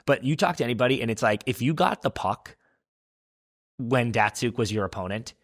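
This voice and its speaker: A man's voice: medium pitch, animated, brisk, a bit bright. A man co-hosting a podcast, chatting casually and emphatically, with some swearing. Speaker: podcast co-host. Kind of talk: casual sports chat.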